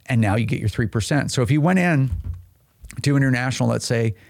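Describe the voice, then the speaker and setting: A man who leads an advocacy group, explaining a member program in a casual, conversational way and acting out quick little exchanges. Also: mid-range voice, creaky, a little mellow, no echo.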